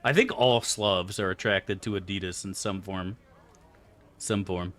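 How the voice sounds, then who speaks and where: A man's voice: deep voice, fairly even intonation, a little slow, fairly bright tone. A man streaming a game, chatting loosely with his viewers and swearing freely. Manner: loose and rambling, swears freely, answers chat aloud. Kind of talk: casual live-stream chat.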